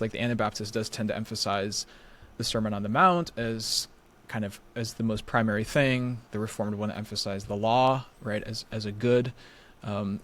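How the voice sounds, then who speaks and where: Low-voiced man explaining theology carefully. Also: fairly bright tone. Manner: explains carefully with many "you know" fillers. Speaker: podcast guest. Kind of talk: conversational theological discussion.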